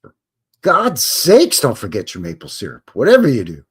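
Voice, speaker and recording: Man, middle-aged, live-stream host, chatty and jokey, very lively pitch, mid-pitched voice. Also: husky. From Canada. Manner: chatty, jokey, rambling with quick asides. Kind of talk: live-stream chat reading viewer questions.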